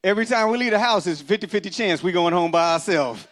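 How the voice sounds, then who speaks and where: Black comedian on stage, super animated, doing voices, pitch all over. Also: male voice, fast. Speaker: stand-up comedian. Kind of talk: stand-up comedy set.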